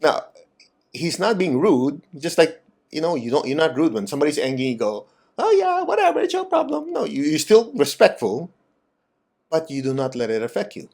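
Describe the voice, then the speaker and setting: A man giving a spiritual talk and guided meditation, direct and animated, asking his listeners teasing questions. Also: medium pitch, moderate pace. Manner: animated, acts out quoted voices. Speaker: meditation teacher.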